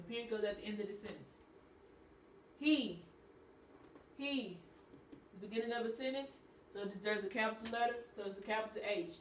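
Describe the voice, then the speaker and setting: A woman's voice: on the high side, a little hiss or hum. A woman teacher taking a class through a grammar lesson, patient and repeating each point step by step. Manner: patient, explains step by step with repetition. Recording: echoey room, voice from a distance.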